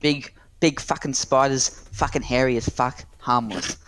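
A man's voice: medium pitch, steady tone, unhurried, a bit bright, no echo. A man with a laid-back, blunt and profane way of talking in an online voice chat. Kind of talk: crude casual banter.

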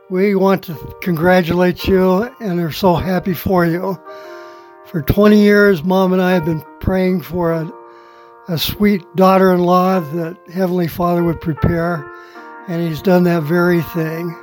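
A man's voice: high-pitched, level tone, unhurried, darkish tone, soft background music. An older man, the groom's father, giving a cheerful, earnest message of congratulations. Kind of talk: recorded well-wishing message.

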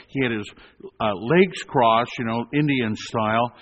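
A man's voice: mid-range voice, measured pace. Man telling a storytelling sermon in an echoey hall. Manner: animated, acts out voices. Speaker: hospital chaplain telling a story. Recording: echoey hall, dull lo-fi sound.

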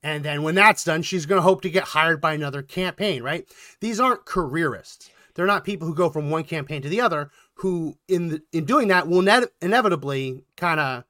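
A man co-hosting a political commentary podcast, talking in a quick, animated way and getting worked up. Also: a little high, no room sound, clean studio sound. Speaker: podcast co-host.

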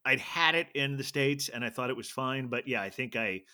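A man's voice: mid-range voice, pushed and bright. A man in his forties co-hosting a podcast, chatting casually and stumbling over his words. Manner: halting, repeats words as he starts. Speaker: podcast co-host. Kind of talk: casual chat.

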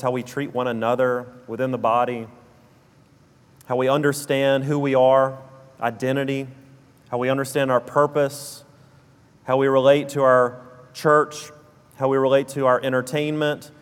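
A man with a South Alabama accent preaching a sermon, earnest and repeating key phrases for emphasis. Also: medium pitch. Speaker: pastor. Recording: long reverb of a church hall.

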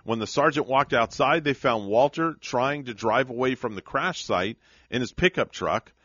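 A man's voice: medium pitch, lively intonation, moderate pace, fairly bright tone, no echo, dull audio. A man hosting a radio morning show, reading odd news stories aloud and joking with his co-host. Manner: playful, laughs while reading.

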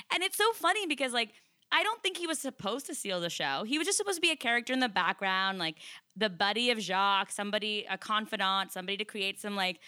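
A woman co-hosting a casual film review podcast, animated and quick to laugh, saying "like" often. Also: medium pitch, smooth, dry recording, studio quality. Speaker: podcast co-host.

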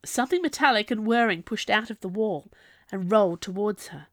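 A woman reading a story aloud as narrator, in an expressive, lively storytelling manner. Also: mid-range voice, brisk, no room sound, studio quality. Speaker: audiobook narrator. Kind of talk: scripted narration.

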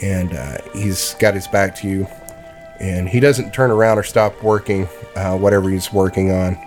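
Low-voiced man running a tabletop game. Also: normal speed, soft background music. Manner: relaxed, with frequent fillers. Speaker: game master.

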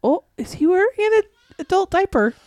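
A woman's voice: extremely high pitch, big pitch swings, moderate pace, darkish tone, no room sound. A woman co-hosting a podcast, teasing her friend and exclaiming playfully while watching a video chat. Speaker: podcast co-host.

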